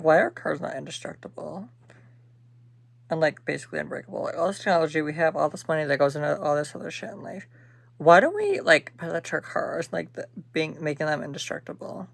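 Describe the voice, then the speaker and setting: Young female vlogger, low and gravelly, blunt and rambling delivery. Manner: rambling, blunt and profane, filler-heavy. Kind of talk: casual vlog chat.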